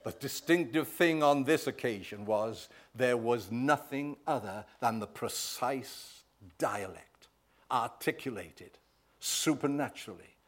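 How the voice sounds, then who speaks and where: A male preacher delivers an emphatic sermon at a middling pitch. He swells loud on key words and keeps checking in with his listeners with a quick "right?".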